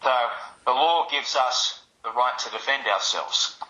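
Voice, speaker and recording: A man with a very bright, sharp-edged voice speaks as a guest on a podcast. He explains things in a measured, instructive way, with a dry humour. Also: medium pitch, rough recording. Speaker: martial arts instructor.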